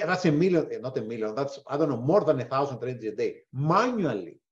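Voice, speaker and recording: A man's voice: medium pitch, big pitch swings, fairly quick, dull audio. A man, a prop trader, teaching a live webinar, firing rhetorical questions and answering them himself, with the odd swear word.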